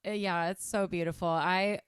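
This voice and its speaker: A woman's voice: lowish voice, steady tone, moderate pace, clean tone, dry recording. A woman hosting an online music show over a video call, chatting casually and reading out viewer comments with lots of giggles and gushing. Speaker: host.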